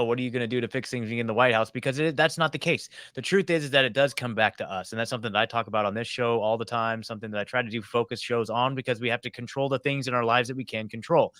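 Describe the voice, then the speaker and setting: This male podcast host talks quickly in a bright, forward voice. He chats casually and eagerly, agreeing along in easygoing slang, and his voice sounds dry and close. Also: medium pitch, dry recording. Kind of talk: casual interview chat.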